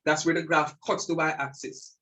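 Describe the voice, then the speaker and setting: A man's voice: a little high, flat delivery, moderate pace, pushed and bright, low-quality recording. A middle-aged man teaching a calculus lecture, repeating key points with emphasis and checking that students follow. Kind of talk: classroom math lecture.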